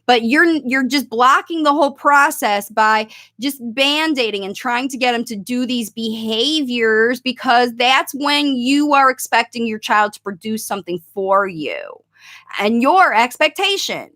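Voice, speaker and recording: High, bright-voiced woman coaching parents. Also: animated. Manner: conversational and instructive, models phrases slowly for emphasis. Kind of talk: live-streamed parent coaching talk.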